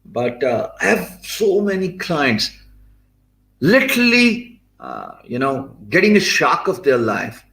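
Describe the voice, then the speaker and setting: A man's voice: a little high, huge pitch swings, slow pace, vocal fry, a bit bright. Man with a Pakistani accent, echoey room. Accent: Pakistani English. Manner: earnest, many fillers and restarts. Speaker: freelancer. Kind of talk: motivational talk.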